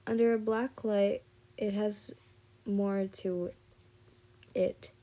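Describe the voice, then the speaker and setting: A tired woman reading a young man's lines in a fan fiction story, slowly and with frequent restarts. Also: medium pitch, steady tone, warm tone, natural voice. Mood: earnest.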